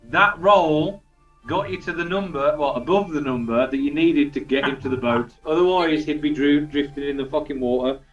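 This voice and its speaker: A man's voice: on the high side, moderate pace, fairly bright tone, soft background music. A man narrating as dungeon master, chatty and casual, swearing freely. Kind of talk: narrating a tabletop game, casual. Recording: distant roomy lo-fi recording.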